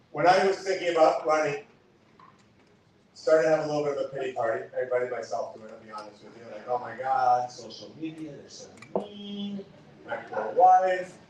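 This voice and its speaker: A man's voice: fairly high pitch, darkish tone, a little hiss or hum. A man giving a campaign stump speech. He talks emphatically, whose first language is Spanish, and repeats key lines for effect. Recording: echoey hall from far off.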